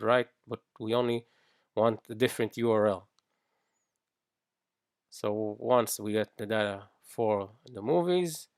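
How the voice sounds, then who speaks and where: A man talks through a coding tutorial at an unhurried, halting pace, pausing on fillers as he thinks aloud. His lowish voice has a gravelly edge, and the sound is dry and close. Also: no room sound. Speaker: iOS developer teaching. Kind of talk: screen-recorded coding tutorial.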